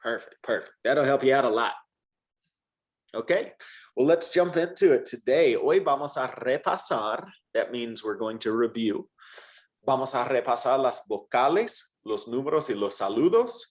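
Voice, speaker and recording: A man's voice: mid-range voice, animated, normal speed. A man teaching a one-on-one Spanish lesson, patient and encouraging, modeling words for the student to repeat.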